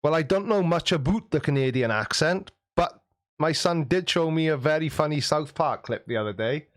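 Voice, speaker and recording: A man's voice: fairly high pitch, expressive, moderate pace, no echo, studio quality. Cheeky man chatting on stream. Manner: jokey, cheeky, laughs often. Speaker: live stream host. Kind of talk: casual chat reading out viewer comments.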